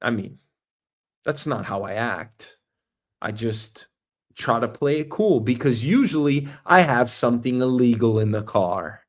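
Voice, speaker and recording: Hosting a casual comedic monologue, this middle-aged New Yorker speaks a little slowly in a mid-range voice. He tells stories animatedly, performing the voices of those he quotes.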